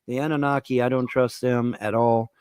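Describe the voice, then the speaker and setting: A man hosting a show, ranting in profane, repetitive bursts with many halting fillers. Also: medium pitch, level tone, darkish tone, clear, resonant tone, dry recording. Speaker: host. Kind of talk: ranting commentary.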